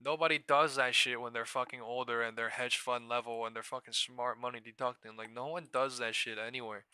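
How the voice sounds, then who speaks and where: A man hosting a live trading stream, ranting fast and emphatically with heavy profanity. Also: mid-range voice, fairly even intonation, sharp tone, clear, resonant tone, no room sound.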